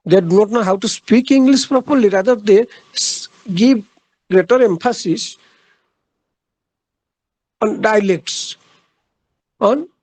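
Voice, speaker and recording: A man giving a literature lecture, speaking haltingly, pausing often on "uh" and repeating his key phrases for emphasis. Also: high voice, darkish tone, no room sound, poor audio. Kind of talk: classroom lecture.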